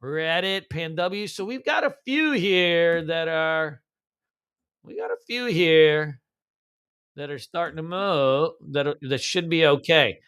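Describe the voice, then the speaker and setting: Man hosting a casual live market stream, slightly high voice, loose and slangy, hums while he works. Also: animated, slow pace, fairly bright tone, clean tone. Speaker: stock trading streamer.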